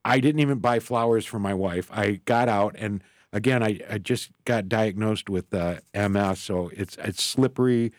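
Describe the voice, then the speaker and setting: Guy telling his story on a podcast, low-ish voice, dry close mic, rambles and does little voices. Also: moderate pace, no room sound. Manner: earnest, rambling, acts out quoted voices. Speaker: author and guest. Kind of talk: storytelling in an interview.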